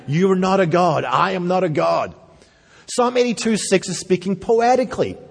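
Husky pastor preaching in a reverberant hall. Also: male voice, sits high, moderate pace. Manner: animated, playful asides, voices quoted speakers. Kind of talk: sermon with scripture reading and prayer.

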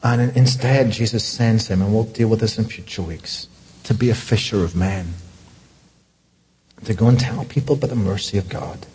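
A man pastor preaching a sermon, animated, climbing to loud high peaks and dropping to hushed asides. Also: moderate pace, husky. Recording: long hall reverb.

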